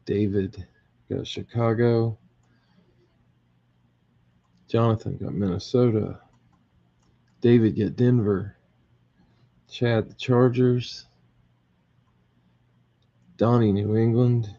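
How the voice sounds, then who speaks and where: Hosting a team draw during a casual live break, a man speaks slowly in a low, dark voice with vocal fry, fairly even intonation, and long pauses. He counts aloud, calls out names and teams, and laughs at his mistakes, all in muffled lo-fi sound with faint noise.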